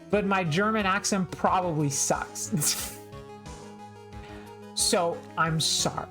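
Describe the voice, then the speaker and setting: Young woman streamer, low voice, casual and self-deprecating chat with viewers, faint music under her. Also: slow pace, long pauses, fairly bright tone. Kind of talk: casual chat while playing.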